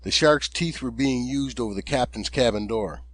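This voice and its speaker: A man narrating his own audiobook in a steady, measured way, recorded close to the microphone. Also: mid-range voice. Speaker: author and narrator.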